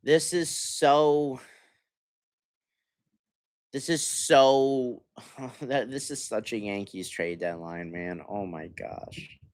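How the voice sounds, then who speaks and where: A hoarse young man ranting as a sports livestream host, stammering and sighing, swinging between muttered complaints and loud outbursts. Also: mid-range voice, extremely slow, long pauses. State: hoarse from yelling. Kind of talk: frustrated fan rant on a livestream.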